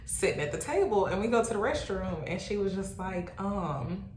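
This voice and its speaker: A young adult woman telling a casual storytime, animated and exclaiming, swearing freely. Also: mid-range voice, moderate pace, a little hiss or hum. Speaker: vlogger. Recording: roomy echo.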